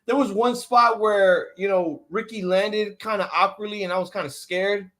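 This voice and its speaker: A man hosting a casual wrestling reaction chat, excitable and profane, often restarting his sentences. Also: high voice, normal speed. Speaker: podcast host.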